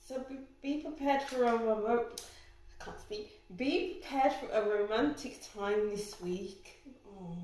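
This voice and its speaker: A woman's voice: medium pitch, darkish tone. A young woman giving a pick-a-card tarot reading, often exclaiming and getting emotional. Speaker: tarot reader. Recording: very echoey room.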